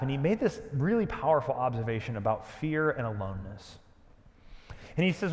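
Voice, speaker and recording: A man preaching a sermon, dramatic and conversational, dropping to a hush on key lines. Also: mid-range voice, long reverb tail. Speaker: pastor.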